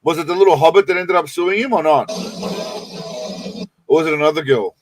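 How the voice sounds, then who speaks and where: A man's voice: on the high side, a little fast, background noise. Rambling, profane male streamer. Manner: rambling, profane, many restarts. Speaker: streamer reacting to clips. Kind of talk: casual live-stream commentary.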